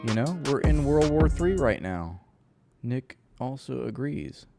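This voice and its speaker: A man's voice: mid-range voice, very animated, unhurried, vocal fry, music in the background. A man hosting a livestream, giving casual, sarcastic political commentary. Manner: sarcastic, conversational. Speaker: livestream host.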